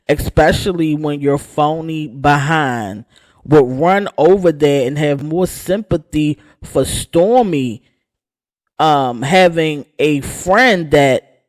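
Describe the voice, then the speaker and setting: A woman's voice: sits low, darkish tone. A woman hosting a gossip channel who rants in a sassy, sarcastic way. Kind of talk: casual gossip rant.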